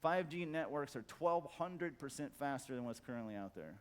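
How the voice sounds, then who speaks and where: A middle-aged man with a fairly high voice talks to a crowd at a conference. He is blunt and swears freely, stacking the same word again and again to drive a point home. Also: animated, moderate pace, clean tone. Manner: blunt, profane, emphatic repetition; acts out quoted voices in a loud high squawk. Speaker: conference speaker. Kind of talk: profane motivational talk. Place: conference hall.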